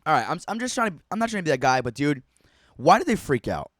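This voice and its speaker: A man's voice: on the high side, sing-song, quick pace, a bit bright, dry recording, clean studio sound. A man streaming a reaction to a video, giving profane, mocking running commentary and laughing often.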